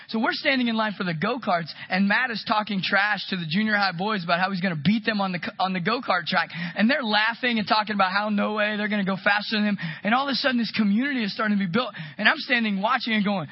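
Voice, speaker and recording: A man preaching a sermon, telling a story with lively, animated delivery and acting out quotes. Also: sits high, a little fast, husky, no echo, highs cut off. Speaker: pastor.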